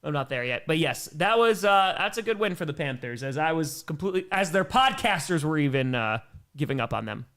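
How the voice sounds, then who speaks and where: A young man hosts a casual live stream, reading chat messages and reacting. His voice sits high and bright and swings widely in pitch, from low mumbled asides to loud, excited bursts. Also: brisk. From American Midwest.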